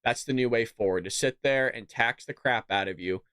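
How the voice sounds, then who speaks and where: A man's voice: mid-range voice, normal speed, a bit bright, clean tone, dry recording, studio quality. A man hosting a casual political commentary show in a mocking, sarcastic way. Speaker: show host.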